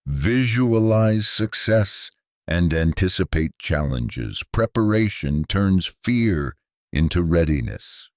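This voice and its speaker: A man delivering a scripted motivational speech in a slow, deliberate, emphatic way. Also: sits low, animated, a little mellow, no room sound, clean studio sound. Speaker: motivational speaker.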